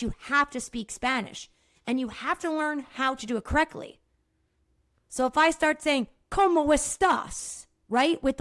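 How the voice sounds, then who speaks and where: Hosting her own podcast, a middle-aged woman gives an energetic, casual monologue about movement therapy, swearing freely and laughing when she slips up. Her voice is a little high and sounds close and dry, with no echo.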